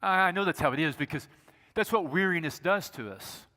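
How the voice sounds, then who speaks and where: A man's voice: a little high, animated, fairly quick, pushed and bright, big-room sound. A male pastor preaching a sermon in a conversational, humorous storytelling manner in a church sanctuary.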